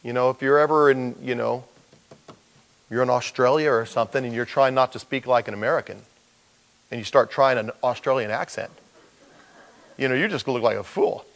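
Pausing often, a middle-aged pastor with a creaky, medium-pitched voice preaches a little fast to his church. He's animated throughout, voicing the story's characters as he goes.

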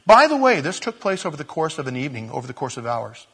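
A man's voice: fairly high pitch, sing-song, quick pace, vocal fry, a bit bright, slightly rough. A male pastor preaching a sermon in a church, telling the story with jokes and acting out the scenes. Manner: jokey, storytelling preacher who acts out scenes.

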